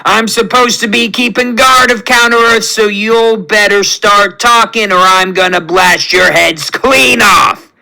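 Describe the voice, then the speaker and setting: A man voicing a hot-headed, aggressive male raccoon who talks gruffly and threateningly. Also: a little high, animated, measured pace, sharp tone, heavily acted. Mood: hostile.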